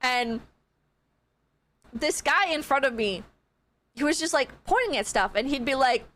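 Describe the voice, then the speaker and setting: A young woman streamer telling a story in a casual, animated way, swearing freely and laughing as she goes. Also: high-pitched, measured pace.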